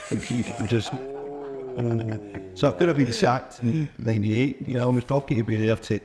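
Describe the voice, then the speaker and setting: A man's voice: medium pitch, normal speed, pauses often, a crowd in the background. A man with a Scottish accent, a former footballer telling chatty anecdotes as a guest in a casual interview. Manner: chatty anecdotes with laughs and mimicry.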